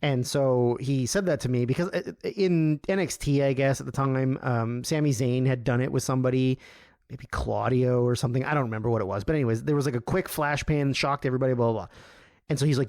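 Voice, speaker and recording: Guy rambling thru a story on his podcast, swears a lot, mid-pitched voice, dry close sound. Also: brisk, no room sound. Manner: rambling, profane, animated when quoting others. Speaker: podcast host. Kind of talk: casual storytelling.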